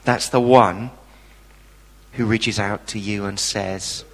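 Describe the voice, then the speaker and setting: A man's voice: on the low side, fairly even intonation, slow, pauses often. A man preaching a sermon, impassioned and emphatic with blunt everyday turns of phrase. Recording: reverberant hall.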